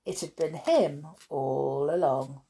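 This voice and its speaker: A woman reading a children's storybook aloud with expressive, swooping emphasis. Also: low-pitched, slow pace, husky.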